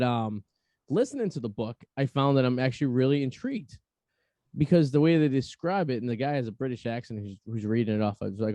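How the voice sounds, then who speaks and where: Boston male podcast host, chatty and rambling, mellow voice, dry close recording. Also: medium pitch, no echo. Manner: rambling with stammered restarts. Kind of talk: casual chat.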